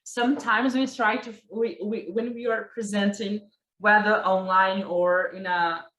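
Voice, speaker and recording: In an echoey room, a woman leads a workshop on presentation skills, speaking at a medium pitch and a touch slowly. She's lively and addresses her listeners directly while acting out examples.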